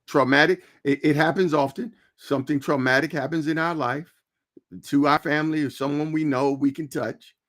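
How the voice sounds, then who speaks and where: A man's voice: on the high side, steady tone, normal speed, fairly bright tone. A man hosting an interview, nudging his guest along with short encouraging replies. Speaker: host.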